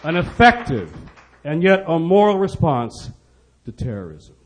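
A middle-aged man preaching an impassioned sermon, pressing his points with repetition and loud emphasis. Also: on the high side, sing-song, measured pace, slight background noise. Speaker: preacher speaking on poverty. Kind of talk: sermon-style speech.

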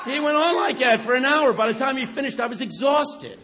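A man preaching a sermon, telling a story and building up to shouted crescendos before a live audience. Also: extremely high pitch, lively intonation, brisk, noisy background.

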